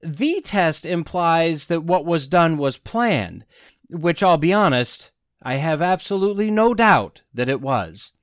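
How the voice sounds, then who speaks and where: A man's voice: fairly high pitch, expressive, unhurried, fairly bright tone, no room sound, studio quality. A man in his forties hosting a podcast, delivering a sardonic casual monologue full of rhetorical questions. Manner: sardonic, rhetorical questions, chuckles at own jokes. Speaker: podcast host.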